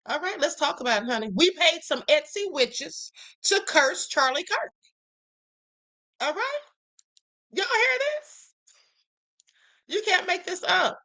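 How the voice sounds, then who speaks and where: A woman's voice: high-pitched, sharp tone, low-quality recording. A woman hosting a livestream show, talking casually and sassily, calling her viewers honey and y'all. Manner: sassy, chatty, calls viewers honey and y'all.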